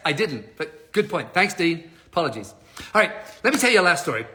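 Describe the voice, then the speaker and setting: Bright animated middle-aged male storyteller. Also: fairly high pitch, fairly quick. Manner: animated storyteller acting out dialogue. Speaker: live stream host, speaker on change. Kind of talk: storytelling to a live audience.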